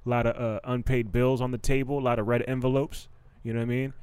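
A man's voice: medium pitch, little pitch movement, fast talker, darkish tone, clear, resonant tone, dry recording. A young man hosting a casual podcast chat, laid-back and full of "you know what I mean". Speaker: podcast host.

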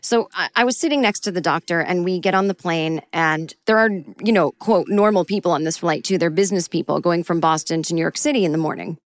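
A woman telling a personal story in a casual, animated way, mocking herself and acting out the people in it. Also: lowish voice, brisk, hardly any pauses, no room sound. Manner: animated, self-mocking, acts out quotes. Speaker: storyteller guest.

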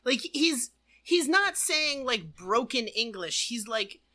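Woman on a movie podcast mocking the film, bright and a bit high. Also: very animated, slow. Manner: mocking, swearing, laughing. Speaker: podcast co-host. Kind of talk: casual movie-review chat.

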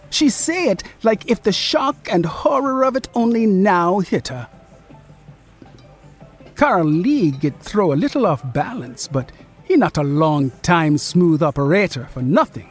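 A narrator reading a literary story in a slow, rhythmic, lingering way. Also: medium pitch, lively intonation, husky, soft background music.

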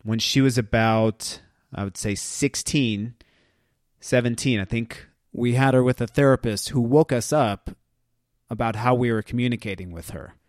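A man's voice: mid-range voice, moderate pace, no echo, studio quality. A middle-aged man hosting a parenting podcast, speaking earnestly in a reflective monologue and reading out a list of phrases.

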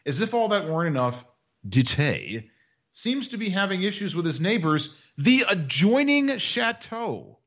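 A man's voice: fairly high pitch, sing-song, moderate pace, fairly bright tone. Guy doing a sarcastic podcast bit, voice bounces all over, kinda dull lo-fi sound. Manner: sarcastic, mocking storytelling. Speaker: podcast co-host. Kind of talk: casual chat.

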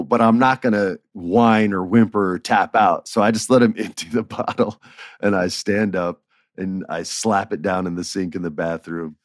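A man's voice: sits low, no room sound, studio quality. A middle-aged man casually telling stories, acting out quoted lines and laughing often. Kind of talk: casual storytelling.

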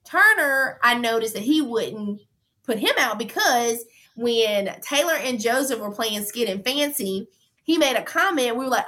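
A young woman telling a story in an interview, emphatic and animated, often acting out the dialogue. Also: fairly high pitch, moderate pace. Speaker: former reality show contestant.

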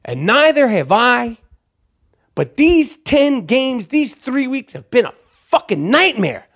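A man's voice: sing-song, takes it slowly, a bit bright, exaggerated voice. A man putting on a cranky male basketball star who swears and complains about a teammate. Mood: exasperated. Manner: profane, complaining, raised pitch. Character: gruff, exasperated male star point guard.

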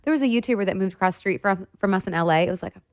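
A woman from Michigan, chatting as a guest in an expressive, talkative way. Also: mid-range voice, very fast, no echo, studio quality. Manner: chatty and expressive with laughs and exclamations. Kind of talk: casual interview chat.

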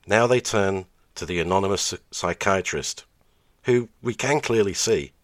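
A man's voice: sits low, moderate pace, dry recording. A man narrating over archive clips, making sarcastic, dry asides.

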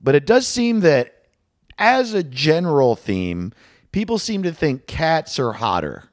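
A man's voice: fairly high pitch, very animated, a little slow, dry recording, clean studio sound. A man co-hosting a podcast in crude comedic banter, riffing on absurd bits and laughing often. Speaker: podcast co-host.

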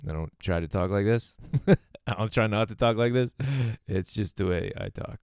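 A man with a lowish, smooth, resonant voice and a mixed North American accent talks through a solo wellness podcast. He rambles easily and chuckles between thoughts. The sound is dry and close. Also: moderate pace, a little mellow, dry recording. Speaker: podcast host and fitness coach. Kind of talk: casual solo podcast talk. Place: lives in Canada.

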